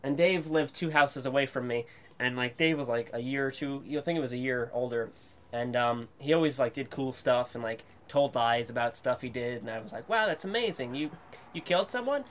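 A man hosting a casual chat who tells stories at length. He rambles and laughs his way through them in a mid-pitched voice. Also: steady tone, a little fast, a bit bright. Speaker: podcast host.

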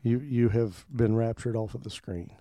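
Easygoing male pastor co-host, mellow voice, unhurried and rambling. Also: medium pitch, steady tone, no echo, clean studio sound. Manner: easygoing, rambling, repeats words while thinking. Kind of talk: casual Christian radio talk.

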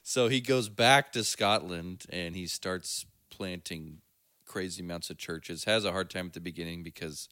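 A man's voice: low voice, moderate pace, hardly any pauses, pushed and bright, dry recording, studio quality. A man co-hosting a casual faith podcast, telling stories with plenty of fillers and easy laughs. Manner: storytelling, laughs easily, trails off with fillers. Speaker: podcast co-host. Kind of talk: casual chat.

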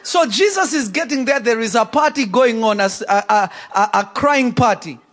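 A man preaching a sermon to a church congregation, shouting out points and acting out quotes. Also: extremely high pitch, expressive, moderate pace. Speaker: pastor. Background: congregation responding.

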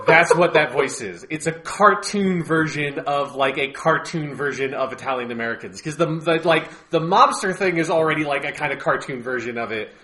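A man co-hosting a podcast in casual chat, relaxed and agreeable, with short restarts. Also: fairly high pitch, normal speed, hardly any pauses. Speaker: podcast co-host.

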